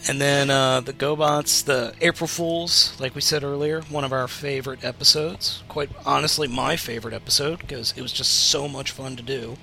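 A man's voice: mid-range voice, steady tone, moderate pace, vocal fry, few pauses, bright, forceful tone, faint music behind. A man co-hosting a podcast, chatting casually with a jokey, laughing way of telling stories. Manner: laughs a lot, jokey storytelling. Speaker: podcast co-host. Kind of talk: casual chat.

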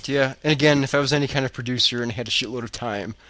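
A man hosting a podcast, chatting in a relaxed way, laughing and trailing off with fillers. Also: mid-range voice, racing, no room sound. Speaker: podcast host. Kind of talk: casual chat.

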